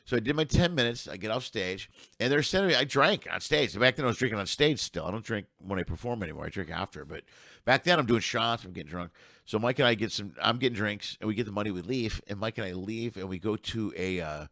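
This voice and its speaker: A middle-aged man with a gravelly, rather low voice tells rambling road stories in an easy, profane way. The sound is close and dry, with no room around it. It is a relaxed podcast chat. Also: quick pace, no room sound. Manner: rambling, swearing road-story teller. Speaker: comedian guest. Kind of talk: casual storytelling chat.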